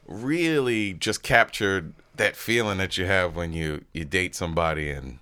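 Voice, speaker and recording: Male co-host, lowish bright voice, very lively, swears, acts out reactions. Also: unhurried, smooth. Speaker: podcast co-host. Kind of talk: casual podcast chat.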